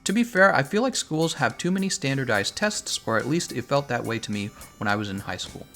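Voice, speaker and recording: Young male game streamer, opinionated and animated, lively up-and-down delivery, faint music under him. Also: mid-range voice, a little fast. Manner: animated, opinionated, laughs often. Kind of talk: casual livestream chat while playing.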